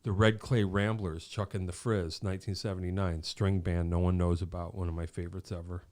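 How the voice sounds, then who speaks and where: A middle-aged man hosting a podcast, chatting casually and telling lively stories that act out his own reactions. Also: sits low, fairly quick. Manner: animated storyteller, acts out his own reactions. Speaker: podcast host. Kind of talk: casual chat.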